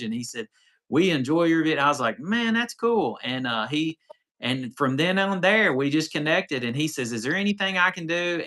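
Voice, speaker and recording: A man's voice: on the high side, sharp tone. A man, hosting a casual off-road livestream and telling a rambling story with lots of quoted dialogue. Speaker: off-road channel host.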